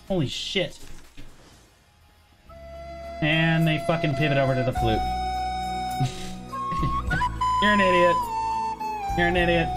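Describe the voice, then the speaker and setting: A man streaming a game, talking casually with lots of swearing, and breaking into exasperated yelling now and then. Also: on the high side. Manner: profane, exasperated outbursts and yelling. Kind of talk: livestream gameplay commentary.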